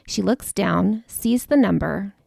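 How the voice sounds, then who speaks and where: A woman's voice: medium pitch, lively intonation, slow pace, gravelly, mellow, no echo, studio quality. A woman in her forties telling a personal story as podcast host, earnest and confiding, speaking directly to the listener. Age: 40s.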